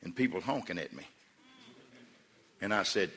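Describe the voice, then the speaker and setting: A man preaching from the pulpit of a church sanctuary, his voice bright and forceful. He drops to a hushed storytelling tone, then rises into loud, emphatic calls to the congregation. A long reverb trails every phrase. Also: low voice, expressive, moderate pace, breathy edge. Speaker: pastor. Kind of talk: sermon.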